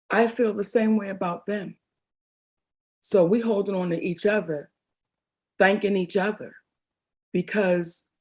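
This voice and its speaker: A middle-aged woman from Baltimore, a comedian and actress, telling stories expressively in an interview. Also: on the low side. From Baltimore, Maryland. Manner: expressive, animated storyteller, calls people baby. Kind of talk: storytelling interview.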